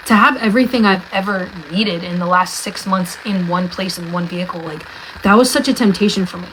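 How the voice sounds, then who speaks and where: A young woman from New Jersey shares her faith testimony as a vlogger, telling it in a chatty, storytelling way packed with "like" and acted-out dialogue. Her voice is fairly low and fairly quick, and the rough recording carries a little hiss or hum.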